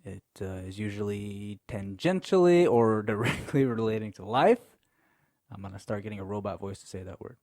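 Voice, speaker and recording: A man's voice: on the low side, lively intonation, moderate pace, a little mellow, dry recording. Dry-voiced rambling man hosting a podcast. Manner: loose and rambling, laughs often, curses casually. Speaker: podcast host. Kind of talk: casual podcast chat. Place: small room with co-hosts in person.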